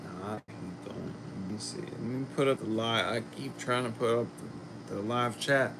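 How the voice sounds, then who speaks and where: A man hosting a casual livestream, chatting to viewers and reading their comments while a little sick, talking in a slow, rambling way and trailing off. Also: medium pitch, vocal fry, background noise. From Philadelphia. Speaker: livestream host.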